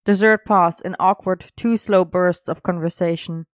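Smooth, even storybook narrator. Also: mid-range voice, normal speed, few pauses, no room sound, highs cut off. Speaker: audiobook reader.

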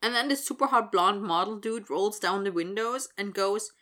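A man's voice: sits high, normal speed, pushed and bright, voice pushed up. A woman voicing a playful, cheeky young college man who tells stories in a chatty, bubbly way. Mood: cheerful.

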